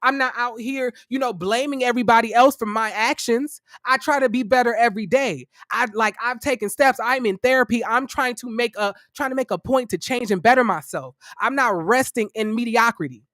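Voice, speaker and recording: A man giving casual reaction commentary on a reality show, profane and animated, with sassy, theatrical exclamations and dramatic asides. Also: extremely high pitch, a little fast, few pauses, no room sound, studio quality.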